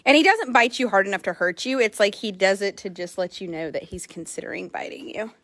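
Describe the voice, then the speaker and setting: A woman horse trader chatting casually in a barn, jokey and animated, often swearing. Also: mid-range voice, a little fast, no room sound. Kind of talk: casual chat.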